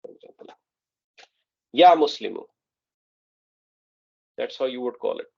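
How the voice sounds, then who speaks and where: A man's voice: mid-range voice, animated, racing, creaky, warm tone, breathy edge. Man teaching an online class, lo-fi. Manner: patient, checks understanding often. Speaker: Arabic teacher.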